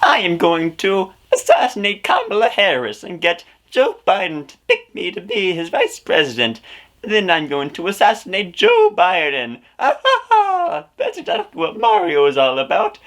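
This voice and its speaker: A man voicing a cheerful, manic game plumber hero in a strained, squeaky falsetto put-on voice. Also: wildly swooping pitch, moderate pace, fairly bright tone, full character voice.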